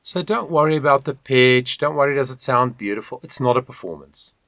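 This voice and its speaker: A man's voice: medium pitch, brisk, fairly bright tone, no echo. A man teaching an online singing lesson, encouraging and demonstrating with hums and sung lines. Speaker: voice coach.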